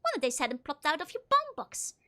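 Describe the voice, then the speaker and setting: A woman's voice: sits high, huge pitch swings, fairly quick, pushed and bright, full character voice. A woman voicing a cranky old woman who tends corpses, mumbling in a sing-song voice. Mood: indignant.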